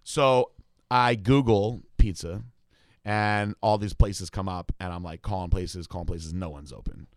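A man hosting a relaxed chat, telling a meandering story with casual swearing. His voice sits a little low. The sound is dry and close. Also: a little slow, no echo. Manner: rambling, swears, laughs at own story. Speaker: host and bodybuilding coach.

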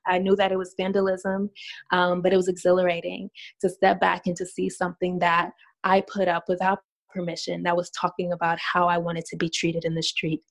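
Earnest, low-voiced woman telling her story. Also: completely flat delivery, a little fast, rough recording. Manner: earnest and reflective, with frequent ums. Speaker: street artist. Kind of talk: personal storytelling monologue.

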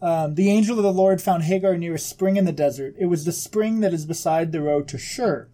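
A man's voice: on the high side, fairly quick, dark tone. A man co-hosting a casual chat who reads Bible passages aloud steadily and adds dry asides. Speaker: podcast co-host reading scripture.

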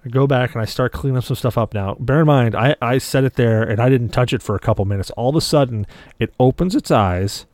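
Man, podcast co-host, casual chat, rambling, swears a lot, middle pitch, dry sound. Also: fast talker, a little mellow, no echo.

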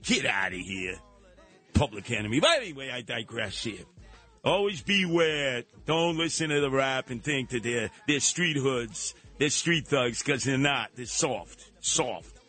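A man's voice: mid-range voice, measured pace. A man hosting a talk radio show, delivering an opinionated monologue, mocking and mimicking other people. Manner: animated, mocking, mimics voices.

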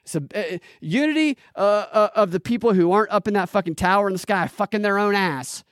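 A man's voice: high voice, brisk, fairly bright tone, no room sound, clean studio sound. A man hosting a live political podcast, ranting in a heated, profane, rambling way with restarts and laughs. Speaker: podcast host. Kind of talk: live-streamed political commentary rant.

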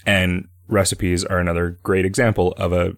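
A man's voice: deep voice, level tone, normal speed, no echo, studio quality. A man hosting a casual podcast, rambling as he reads listener questions aloud and talks through ideas. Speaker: podcast host and game developer.

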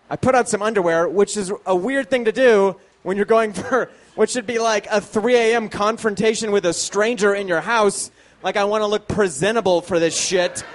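A man with a fairly high voice tells a true story on stage at a live show. He is self-deprecating, swears freely and laughs as he talks. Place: small live venue with audience.

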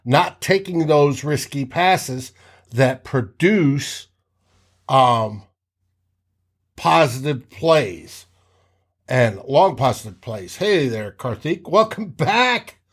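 A man hosting a casual sports talk show, telling game stories with animated re-enactments of players' shouts. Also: medium pitch, extremely slow, pauses often, slightly rough. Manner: animated, acts out players' shouts mid-story.

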